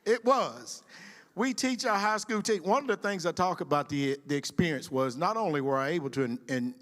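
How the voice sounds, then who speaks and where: A middle-aged man, a sheriff telling stories from his career as testimony in a church, acting out shouted lines. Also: medium pitch, long reverb tail. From Mississippi. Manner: storytelling, dramatic shouted quotes. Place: church sanctuary.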